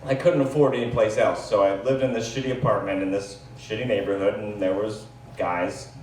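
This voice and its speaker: A man doing live stand-up, telling a rambling, self-deprecating story with lots of fillers and quick asides. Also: lowish voice, steady tone, a little mellow. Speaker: stand-up comedian. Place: comedy club stage. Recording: echoey room, distant mic, faint hiss.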